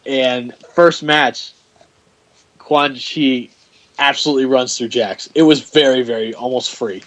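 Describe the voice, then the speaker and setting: This podcast host's mid-range voice comes through an unhurried delivery and a rough recording. He's an animated storyteller in casual conversation, acting out quotes and laughing frequently.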